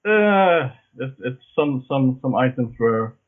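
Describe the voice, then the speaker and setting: A man, a podcast guest, speaking casually in a halting, hesitant way. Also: medium pitch, lively intonation. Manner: halting, hesitant, restarts words. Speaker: guest, fan site creator. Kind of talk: casual chat. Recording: tinny phone-like line.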